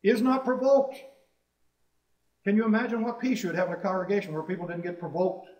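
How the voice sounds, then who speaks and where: A man's voice: sits high, steady tone, fairly quick, a little mellow. A man preaching a sermon to a congregation, emphatic, rising on key phrases and putting questions to his listeners. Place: church assembly hall. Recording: roomy, distant, dull old church recording.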